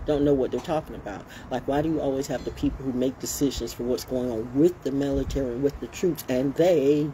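A woman's voice: extremely low pitch, fairly quick, few pauses, mellow. A woman giving a blunt, passionate monologue, talking straight to her listeners in a casual and emphatic way. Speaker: motivational speaker. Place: outdoors, birds and passing vehicles. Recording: noisy outdoor recording.

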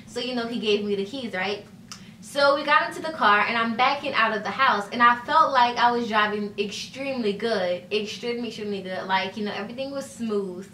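Young woman, storytime vlog, bright voice, slightly high, fillers like "like" and "you know", echoey room, a bit back from the mic. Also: a little fast, distant mic, slight background noise. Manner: chatty, fillers of "like" and "you know", acts out quoted dialogue. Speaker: vlogger. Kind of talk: casual storytime.

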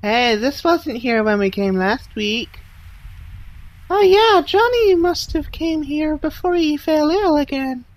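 A man voicing a gentle, wistful young woman while reading game dialogue aloud. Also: very high-pitched, expressive, slow pace, pitched above the performer's own voice, full character voice, low-quality recording.

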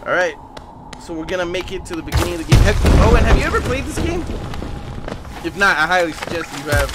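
Excitable, foul-mouthed male streamer. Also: high voice, quick pace, loud music behind the voice. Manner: excitable, swears often. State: tired. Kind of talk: casual live gameplay commentary.

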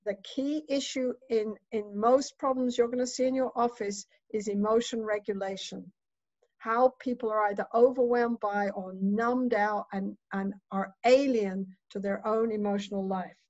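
A woman's voice: mid-range voice, fairly even intonation, normal speed, darkish tone, no room sound. Woman, psychotherapist, keynote lecture, emphatic, conversational, dull lo-fi dry recording. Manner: emphatic, conversational, with rhetorical "right?" tags.

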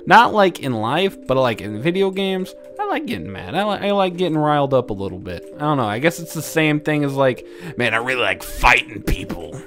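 A young man doing profane, jokey let's play commentary, swinging from mumbles to loud yells and laughs. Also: medium pitch, very animated, brisk. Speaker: gaming YouTuber. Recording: game music underneath.

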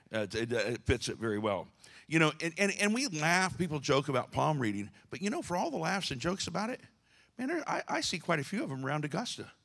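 A man preaches a sermon to his congregation in a folksy, joking way. His voice is mid-pitched and gravelly, and he often restarts his sentences and breaks off to tease people in the pews. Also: fairly bright tone. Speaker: pastor. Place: church sanctuary.

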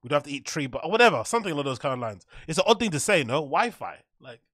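Man, mocking, swears, animated, bright tone. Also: fairly high pitch, very fast, no room sound, studio quality. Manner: mocking, swears freely, laughs often. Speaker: reaction video host. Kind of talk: casual reaction commentary.

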